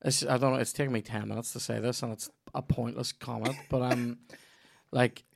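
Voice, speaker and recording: A man's voice: mid-range voice, little pitch movement, moderate pace, creaky. A young man with a Northern Irish accent hosting a podcast, chatting casually in a rambling, sweary way with lots of restarts. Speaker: podcast host. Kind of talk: casual chat.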